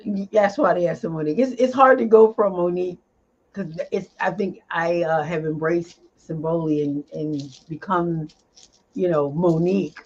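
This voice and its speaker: A woman speaks as an interview guest over a remote video call, animated and laughing often. She pauses on fillers as she gathers her thoughts. The audio is dull and lo-fi. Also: lowish voice, slightly rough. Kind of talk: casual interview chat.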